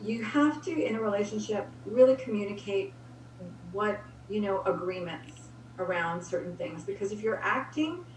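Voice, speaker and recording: A woman's voice: mid-range voice, expressive, normal speed. A woman giving upbeat, practical relationship advice in a casual chat, laughing often. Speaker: guest relationship advisor. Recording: roomy, distant mic with faint hum.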